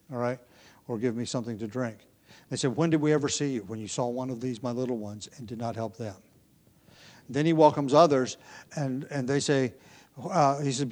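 A man's voice: medium pitch, a little mellow. A man teaching through a Bible passage in sermon style, explaining step by step with frequent restarts and asides.

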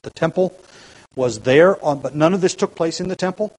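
A man preaching a sermon at an evening church gathering, earnest and deliberate, slowing down and rising in force on key points. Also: a little high, rough recording. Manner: earnest, builds emphasis by slowing down and getting louder.

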